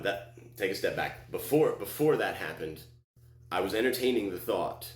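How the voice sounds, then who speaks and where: A man's voice: sits low, roomy sound. A man from Texas telling a personal story, rambling, with many restarts and acted-out quotes. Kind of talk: personal story told on stage.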